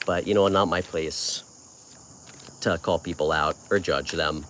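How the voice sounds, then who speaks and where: A man's voice: sits low, fairly even intonation, measured pace, a bit bright, slight background noise. A man hosting a casual live tarot stream, talking in a friendly, chatty way as he answers viewers' comments. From New York. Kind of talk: casual livestream chat with viewers.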